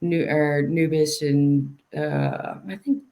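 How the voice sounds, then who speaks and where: A woman's voice: low-pitched, flat delivery, takes it slowly, vocal fry, warm tone. A woman in her thirties, a podcast guest, telling stories in casual chat, laughing often and restarting her sentences.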